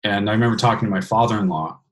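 A man's voice: lowish voice, rapid-fire. A man hosting a podcast in casual interview chat, earnest and frank, swearing casually. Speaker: podcast host.

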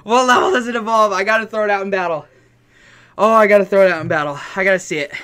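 A young man streaming a game, yelling and cursing with joy, his voice hoarse from shouting. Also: sits high, fairly even intonation, quick pace. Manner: ecstatic shouting, cursing, repeated yells of yes. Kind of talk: live-stream game reaction.

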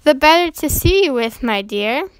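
A woman's voice: sits high, lively intonation, normal speed, no room sound, studio quality. Sweet-talking wicked wolf, as a woman reads him. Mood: sly. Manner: soft coaxing voice, a growl beneath.

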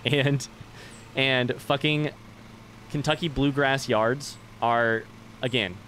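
Slightly bright and medium in pitch, this young man's voice carries faint background noise. He's streaming a game live, talking loosely with viewers and cursing casually along the way.

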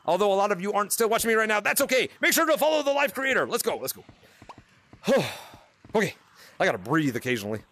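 An excitable male streamer with a high, bright voice that leaps all over the place as he greets fans in a virtual game lobby. He laughs often and trips over quick restarts, chatting into a VR headset mic. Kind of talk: excited live gaming chat.

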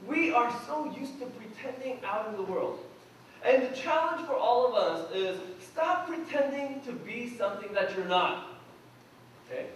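A man's voice: very high-pitched, a little hiss or hum. A man preaching a conversational sermon as pastor, asking the congregation questions and telling funny personal stories. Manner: humorous personal anecdotes. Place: church sanctuary. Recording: echoey church hall from far off.

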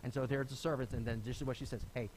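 A middle-aged man preaching a sermon as pastor, conversational and animated, often restarting phrases and acting out the people he quotes. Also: mid-range voice, racing, a little hiss or hum. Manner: lively, conversational preaching with repeated starts and acted quotes. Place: church sanctuary.

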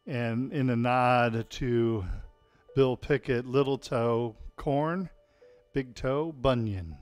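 A man teaching a live-streamed tai chi class at home, calmly calling out movements and telling deadpan puns to an audience he can't hear. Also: mid-range voice. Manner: calm cueing of movements mixed with deadpan puns.

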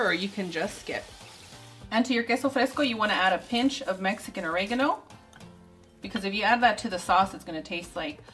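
Bright-voiced woman narrating recipes. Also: medium pitch. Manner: upbeat, chatty step-by-step instructions. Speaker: cooking channel host.

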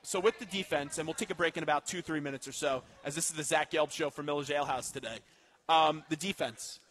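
A man's voice: fairly high pitch, fast talker, fairly bright tone, a little hiss or hum. A man hosting a sports radio show, giving blunt opinions in casual banter.

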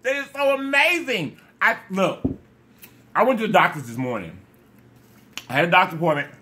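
High, lively man chatting over food. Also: moderate pace. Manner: effusive, repeats phrases, talks with food in mouth. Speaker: mukbang vlogger. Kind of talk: casual chat to viewers while eating.

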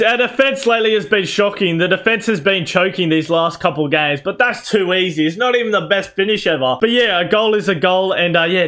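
A young man with a fairly high voice talks through his football video game match. He shouts at players, swears freely and keeps calling the viewers "boys". His talk jumps between calm play-by-play and loud yelling. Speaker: gaming YouTuber. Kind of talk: excited gameplay commentary.

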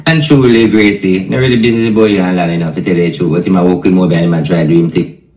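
A man's voice: low-pitched, steady tone, racing, a little mellow, echoey room, low-quality recording. A man with a Jamaican accent giving blunt, insistent advice.

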